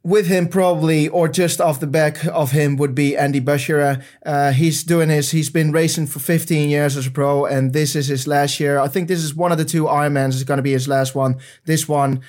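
Hesitant man, slightly high voice. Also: steady tone, normal speed, few pauses, darkish tone. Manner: hesitant, many ums and uhs. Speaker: podcast co-host. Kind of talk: casual chat.

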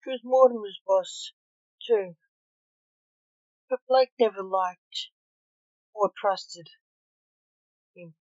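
A woman reading a fan story aloud in plain, even narration, on a dull lo-fi recording. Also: mid-range voice, takes it slowly, long pauses, no echo. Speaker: story reader.

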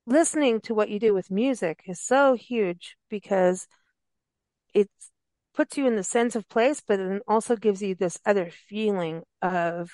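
A woman's voice: mid-range voice, darkish tone, no room sound. An enthusiastic woman host chatting freely on a radio interview. Her talk rambles and spills over with eager asides. The voice sits mid-range and sounds close and dry. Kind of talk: casual interview chat. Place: travel and parks radio show.

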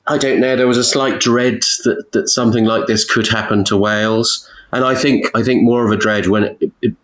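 A low-pitched man weighing up a football match on a podcast. He talks haltingly, circling back and restarting his thoughts as he works them out. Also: fairly even intonation, a bit bright, low-quality recording. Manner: hesitant, with many restarts. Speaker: football pundit. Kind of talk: casual podcast discussion.

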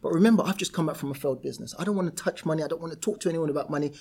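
A man's voice: on the high side, racing, darkish tone, breathy edge. A man, a property entrepreneur, telling anecdotes in a casual interview and laughing through them. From South-East London, England.

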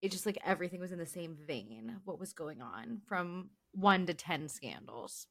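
A woman's voice: fairly low pitch, animated, normal speed. A young adult woman co-hosting a casual podcast chat, teasing her partner and retelling stories with lots of "like". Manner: teasing, storytelling, filler-heavy. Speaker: podcast co-host.

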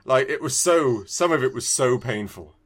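A British man co-hosting a casual game podcast, animated and quick to laugh, often repeating words as he talks. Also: mid-range voice, husky. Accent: British English. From Britain. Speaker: podcast co-host. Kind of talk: casual chat.

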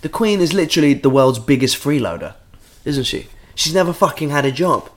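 A man's voice: on the high side, expressive, fairly quick. A man co-hosting a podcast, ranting sarcastically and swearing a lot in casual chat. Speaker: podcast co-host.

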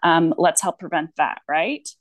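A woman's voice: low voice, fairly even intonation, unhurried, no echo. A woman speech-language pathologist in casual podcast chat, rambling with frequent fillers and restarts.

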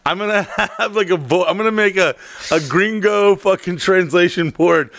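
A man's voice: sits high, normal speed, fairly bright tone, no echo. Profane joking man, dry close sound. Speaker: podcast co-host. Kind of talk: casual chat.

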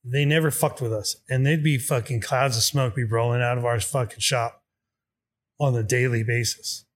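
A man's voice: medium pitch, normal speed. A man telling a story in casual chat, swearing freely and acting out both sides of the dialogue. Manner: profane, animated, acts out dialogue.

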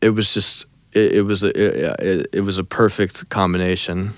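A young man, a songwriter and singer, telling a story in a casual interview, lively and animated, dropping into sung snippets. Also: low-pitched, moderate pace, dry recording. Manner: animated, breaks into sung snippets and acted quotes.

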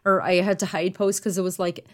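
Woman, podcast co-host, rambling casual chat, lots of "like", lowish voice. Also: flat delivery, brisk. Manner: rambling, many "like" fillers.

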